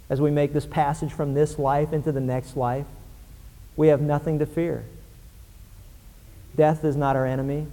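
A man's voice: mid-range voice, warm tone. A man preaching a sermon in a church, earnest and emphatic, lifting his voice to drive points home. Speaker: pastor. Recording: long reverb of a hall.

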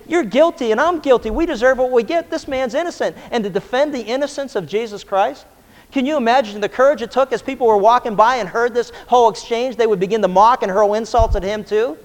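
A man with a high, bright voice preaches with passion, rising and falling as he drives each point home. His words ring out with a long reverb, as if he is filling a large hall. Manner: impassioned preaching, acting out voices of the thieves. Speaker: pastor. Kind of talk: sermon.

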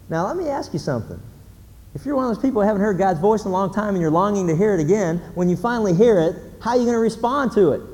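A man's voice: high voice, darkish tone. A male pastor preaching a sermon in an emphatic storytelling manner, putting questions to the audience. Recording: reverberant hall, faint background noise.

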